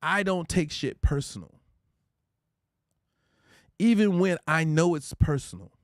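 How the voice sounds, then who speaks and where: A man hosting a casual livestream, talking through relationship advice in an easygoing, preachy way and shouting out his chatters by name. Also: a little high, lively intonation, measured pace, dry recording, clean studio sound. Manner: reads out viewer comments and shouts out chatters; laid-back, conversational, preachy about relationships. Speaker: livestream host.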